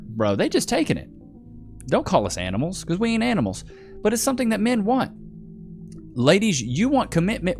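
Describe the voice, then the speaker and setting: Lively emphatic streamer man. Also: mid-range voice. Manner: emphatic, slangy, talks straight to the chat. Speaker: reaction streamer host. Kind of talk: casual commentary.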